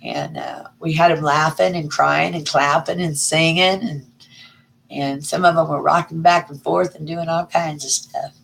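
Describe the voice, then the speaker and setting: A middle-aged woman, chatting casually on a livestream and greeting viewers by name with folksy warmth. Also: sits low, steady tone, moderate pace, creaky, a little hiss or hum. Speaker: livestream host. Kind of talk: casual live chat reading viewer comments.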